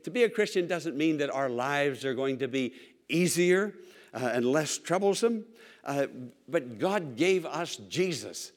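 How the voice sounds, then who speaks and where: A man's voice: fairly high pitch, lively intonation, a little slow. A man preaching a sermon to a congregation, emphatic and repetitive, calling for responses.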